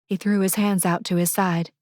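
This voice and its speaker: A woman narrating a first-person romance audiobook in a soft, intimate manner, on a close studio mic. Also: on the low side, little pitch movement, normal speed, dry recording.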